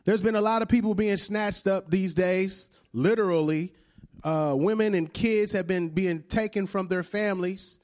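A man's voice: sits high, normal speed, darkish tone. A male preacher in his thirties giving a conversational sermon, often checking in with "right?" and laughing along with the congregation.

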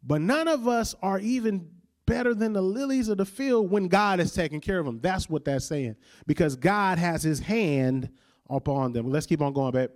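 A man with a notably high-pitched voice preaches a sermon in a loose, conversational way. He slows down and sinks his voice on the lines he wants to land, and he calls on his listeners to say phrases back to him. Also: expressive, a little mellow. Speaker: pastor.

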